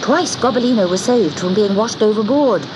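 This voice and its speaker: A woman reading a children's story aloud in an expressive, sing-song way. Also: medium pitch, normal speed. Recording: background noise.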